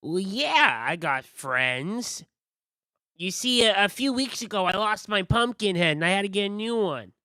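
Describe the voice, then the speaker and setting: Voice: mid-range voice, expressive, unhurried, bright, forceful tone, no room sound, pitched above the performer's own voice. A game master voicing a cheeky, pushy male candy vendor with a pumpkin for a head, talking in a brash, streetwise way. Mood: chatty.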